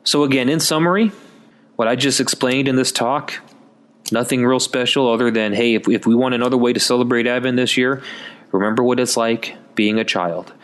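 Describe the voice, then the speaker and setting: A man's voice: medium pitch, fairly even intonation, brisk. A man giving a conversational Catholic Advent sermon in a folksy, chatty way, calling listeners folks. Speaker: Catholic preacher.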